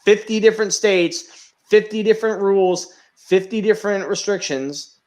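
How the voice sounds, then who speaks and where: A man's voice: high-pitched, moderate pace, darkish tone. Swearing, rambling young man on a podcast. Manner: rambling, sarcastic, swears a lot. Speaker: podcast host. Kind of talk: casual profane podcast chat.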